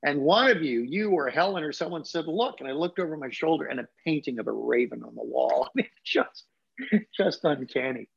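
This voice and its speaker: A man's voice: a little high, fast, creaky, hardly any pauses, breathy edge, lo-fi sound. A man in his sixties, raised in England, with a Canadian accent, telling personal stories reflectively in an interview. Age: 60s. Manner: reflective, emotional storyteller with laughs. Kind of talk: storytelling interview.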